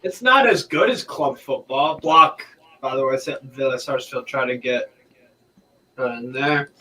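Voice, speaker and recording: A man streaming live football commentary, chatting casually with a friend between excited play-by-play calls. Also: mid-range voice, a little slow, poor audio.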